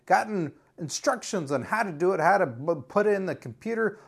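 A man's voice: sits high, animated, a little fast, gravelly, husky. Frustrated man rambling as a podcast host. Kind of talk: casual solo monologue.

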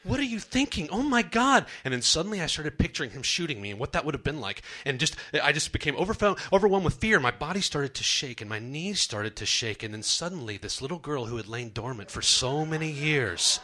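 A man's voice: mid-range voice, expressive, a little fast, few pauses, sharp tone. A young man performing a true story on a comedy stage, dramatic and self-mocking.

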